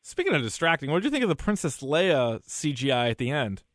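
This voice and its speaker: A chatty man co-hosting a film podcast, with a voice that sits a little higher than most men's. He leads the talk with questions and laughs easily. The sound is dry, with no room around it. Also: big pitch swings, quick pace, fairly bright tone, dry recording. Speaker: podcast co-host. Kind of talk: casual movie discussion.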